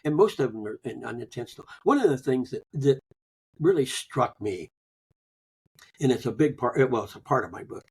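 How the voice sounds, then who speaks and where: An older man telling personal stories in a folksy, conversational way, often chuckling and trailing off softly. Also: medium pitch, lively intonation, normal speed. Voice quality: gravelly, husky. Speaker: guest, grief author. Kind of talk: conversational interview.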